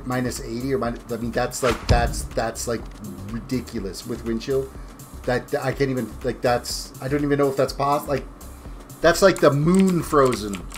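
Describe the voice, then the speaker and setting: A man's voice: medium pitch, a bit bright. A middle-aged man chatting casually on a live game stream, rambling while he reads chat aloud. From Canada. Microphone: desk mic beside him. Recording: music playing behind the voice. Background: music and keyboard typing.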